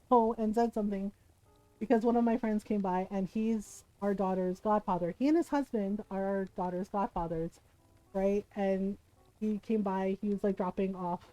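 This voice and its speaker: A woman's voice: mid-range voice, dark tone, no echo, rough recording. A woman streaming from home, chatting casually as she tells a story, often asking "right?" and laughing as she goes. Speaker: streamer and mother. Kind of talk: casual storytelling chat while streaming a game. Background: faint game music.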